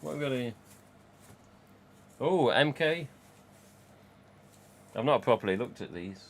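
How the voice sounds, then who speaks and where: A man's voice: mid-range voice, animated, unhurried. A man, casually chatting and rambling on a live stream from home. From England. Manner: rambling, chatty, reads out chat.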